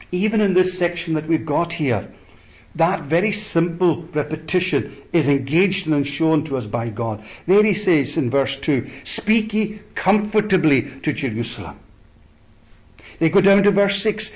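Slow deliberate male preacher, lo-fi. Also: on the high side. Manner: slow, deliberate preaching with rising emphatic peaks and soft trailing endings. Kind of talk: sermon.

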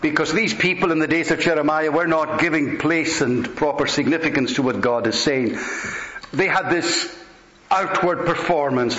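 A man preaching and reading scripture in a measured, solemn way, with slow emphatic pauses. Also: fairly high pitch, fairly bright tone. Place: church. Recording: roomy, dull church recording.

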